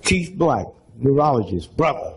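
A man's voice: mid-range voice, big pitch swings, normal speed, breathy edge, rough recording. A man in his seventies doing stand-up storytelling for a live audience, folksy and rambling, with frequent asides like "huh?". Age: 70s. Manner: folksy, rambling storytelling with asides like "huh?" and "you know what I'm saying?". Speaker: comedian.

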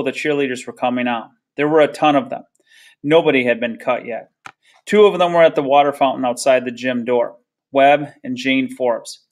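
Man reading a novel aloud. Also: medium pitch. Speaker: reader.

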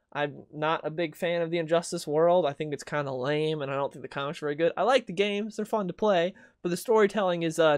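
Young guy ranting about comics, sarcastic and fed up, slightly high voice, dry close mic. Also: clean tone, no room sound. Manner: sarcastic, exasperated ranting with mocking quoted voices. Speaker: comic book video host. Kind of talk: casual opinion commentary.

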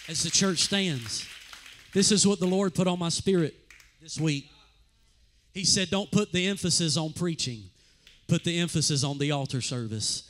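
A man preaching a sermon as pastor in a church, with impassioned, repetitive phrasing that swings between loud declarations and hushed appeals. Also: on the high side, moderate pace. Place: church sanctuary.

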